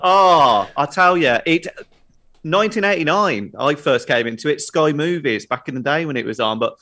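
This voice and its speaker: A man's voice: on the high side, animated, bright, forceful tone. A man with an English Midlands accent, co-hosting a casual podcast and teasing the guests. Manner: enthusiastic, teasing, quick asides. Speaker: podcast co-host.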